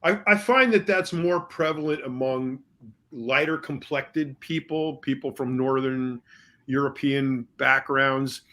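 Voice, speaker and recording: A man co-hosting a casual talk radio show, chiming in with quick remarks. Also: medium pitch, bright, forceful tone. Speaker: co-host.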